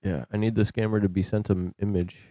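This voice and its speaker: A man's voice: lowish voice, flat delivery, brisk, dark tone, dry recording, clean studio sound. A man hosting a scam-baiting livestream, chatting casually and rambling while he thanks viewers for gifted subs.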